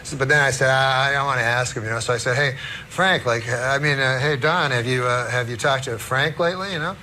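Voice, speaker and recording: A man telling a rambling anecdote as a talk show guest, chuckling and filling pauses with "uh". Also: mid-range voice, pushed and bright, slight background noise. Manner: rambling, chuckling storyteller with many fillers.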